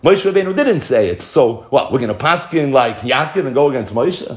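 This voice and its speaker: A man's voice: mid-range voice, animated, brisk. A man teaching a Talmud lesson, quoting Hebrew and Aramaic phrases, translating them into English and asking rhetorical questions. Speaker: Torah teacher.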